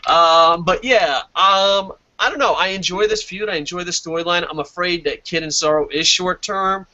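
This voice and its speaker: A man's voice: high voice, moderate pace, pushed and bright, muffled recording. A man hosting a casual wrestling review stream, reading viewer comments aloud, swearing freely and laughing at his own jokes. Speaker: wrestling show host.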